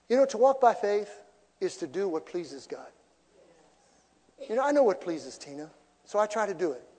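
High-voiced preacher in a reverberant hall. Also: male voice, moderate pace. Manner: animated preaching with jokes and asides. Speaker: pastor. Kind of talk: sermon. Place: church.

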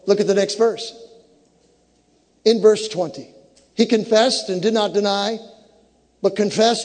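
In a reverberant hall, a preacher with a high voice works up to impassioned shouting, then slips into playful remarks to his congregation. He speaks a little slowly, leaving long pauses.

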